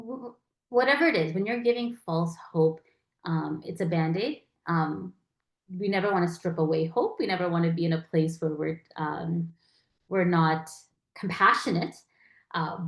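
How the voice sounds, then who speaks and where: A woman's voice: lowish voice, unhurried, creaky, echoey room. A woman teaching a lecture in a conversational way, acting out quoted phrases as she goes. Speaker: palliative care educator.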